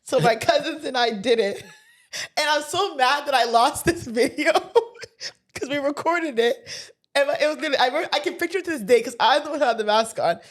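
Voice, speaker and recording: A woman co-hosting a podcast, telling stories in a lively way and laughing through her lines in casual chat. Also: sits high, normal speed. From Canada. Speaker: podcast co-host.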